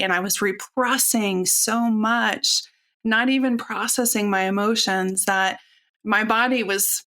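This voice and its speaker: A woman in her forties speaking openly and earnestly as a podcast guest, telling a personal story in a relaxed, conversational way. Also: mid-range voice. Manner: open, earnest, conversational with fillers. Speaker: podcast guest, functional nutritionist.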